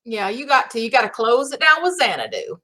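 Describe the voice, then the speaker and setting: A woman guest in a casual chat, enthusiastic and chiming in with quick reactions. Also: on the high side, big pitch swings, pushed and bright. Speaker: guest, business partner.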